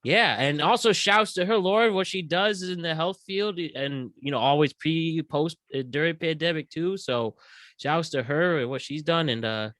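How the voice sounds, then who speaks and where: A man's voice: fairly high pitch, moderate pace, fairly bright tone, no echo. Upbeat podcast host man, dry close sound. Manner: supportive, laughs along, hypes up the guest. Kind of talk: casual interview.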